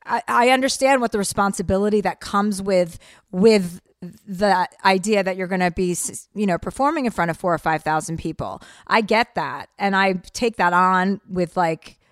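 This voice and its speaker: A woman's voice: medium pitch, normal speed, dry recording. Blunt, dry-humored woman comedian. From New Jersey. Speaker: comedian guest. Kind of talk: casual interview chat.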